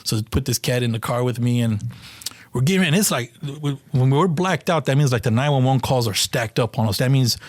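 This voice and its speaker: A man's voice: medium pitch, brisk, no room sound. A middle-aged man from Kansas City, a police officer telling stories in a casual podcast chat, acting out quotes and peppering his talk with "man" and "bro". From Kansas City, USA. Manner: animated storyteller, acts out quotes, says "man" and "bro" a lot.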